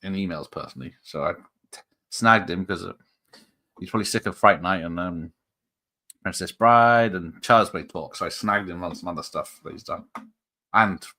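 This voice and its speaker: Hosting a relaxed live stream, a man reads viewer comments, often pausing, restarting, and rambling, with ums and quiet chuckles in between. His voice sits a bit low but sounds bright and forceful, at a normal speed.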